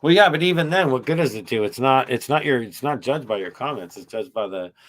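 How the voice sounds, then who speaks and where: A man's voice: medium pitch, expressive, fairly quick, a bit bright. A middle-aged man hosting a casual podcast chat, telling rambling, profane, wry stories about his YouTube channel.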